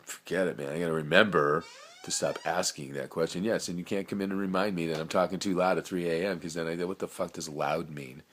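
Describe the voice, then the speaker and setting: A man's voice: deep voice, fairly even intonation, quick pace, a little hiss or hum. A middle-aged man with a brain tumor, rambling through his thoughts in a free-associating personal monologue, full of laid-back slang. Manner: rambling, free-associating, swings between loud and soft.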